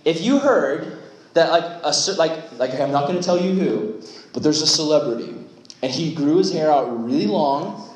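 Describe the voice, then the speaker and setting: A young man preaching a youth sermon, animated and chatty, with many "like" fillers. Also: on the high side, moderate pace. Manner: animated, filler-heavy talk with lots of "like". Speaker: youth pastor. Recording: roomy echo.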